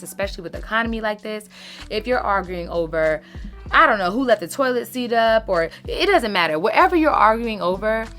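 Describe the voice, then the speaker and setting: A woman's voice: medium pitch, fairly bright tone. A woman, giving casual, emphatic advice to her followers as a lifestyle creator. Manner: chatty, emphatic, uses "sis" and "baby".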